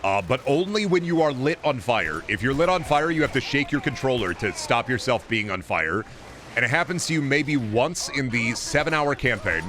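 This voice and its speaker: A man's voice: mid-range voice, expressive, normal speed, a bit bright, slight background noise. A young man streaming a shooter game, giving sarcastic, profane commentary. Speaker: gaming streamer. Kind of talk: casual gameplay commentary.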